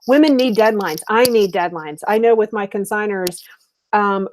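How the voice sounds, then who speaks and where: A middle-aged woman coaching online business owners, pitching her program in a lively, chatty way. She talks straight to her viewers as if they were friends, at a middle pitch. Her webinar delivery is upbeat and direct.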